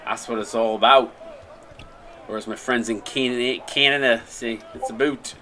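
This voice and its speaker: Speaking at medium pitch and a moderate pace, with fairly even intonation and a sharp tone, a stream host does play-by-play for a simulated basketball game. He chats loosely with his co-host and viewers, often rambling and starting his sentences over.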